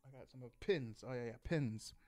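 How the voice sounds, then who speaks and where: A man's voice: medium pitch, normal speed, darkish tone, dry recording, soft background music. A man talking casually on a podcast, telling a rambling story full of fillers, restarts and swearing. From Texas. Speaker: podcast host.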